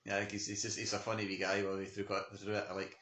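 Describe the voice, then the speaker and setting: A man's voice: fairly low pitch, completely flat delivery, very fast, fairly bright tone. A man with a Scottish accent chatting casually about a film he reviewed, with many restarts and lots of "aye". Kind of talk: casual chat. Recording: echoey room with faint noise.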